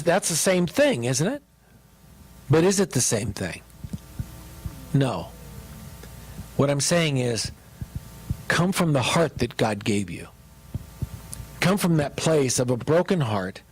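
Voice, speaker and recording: A man pastor teaching about marriage, joking and animated as he speaks to his listeners. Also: on the high side, slight background noise, poor audio.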